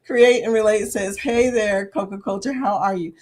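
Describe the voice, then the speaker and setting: A woman's voice: mid-range voice, moderate pace, darkish tone. A middle-aged woman from Pennsylvania hosting a livestream, chatting casually, reading out comments and laughing often. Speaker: livestream host.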